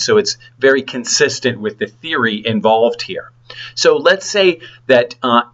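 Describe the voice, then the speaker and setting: A man lecturing on law, explaining points through lively acted-out examples with sound effects. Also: medium pitch, highs cut off. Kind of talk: classroom lecture.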